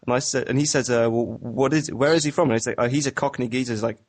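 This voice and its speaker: Co-host: English man, mid-pitched, wry and laid-back. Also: quick pace, slightly rough. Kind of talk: casual storytelling chat.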